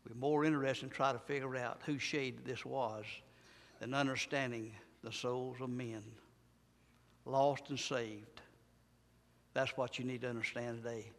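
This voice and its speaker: A man's voice: medium pitch, fairly bright tone, big-room sound. A man preaching a sermon in a church, emphatic and repetitive, with rising and falling intensity.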